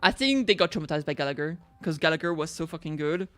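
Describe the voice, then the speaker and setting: A woman's voice: low-pitched, expressive, quick pace, fairly bright tone, faint music behind. A woman with a French accent, chatting casually and swearing freely while she plays a game. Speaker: streamer playing a game. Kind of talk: casual gameplay commentary.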